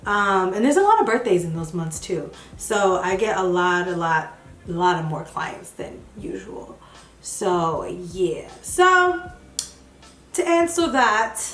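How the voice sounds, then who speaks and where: A young woman vlogger, chatting candidly while doing her makeup. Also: medium pitch. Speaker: beauty vlogger. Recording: echoey room.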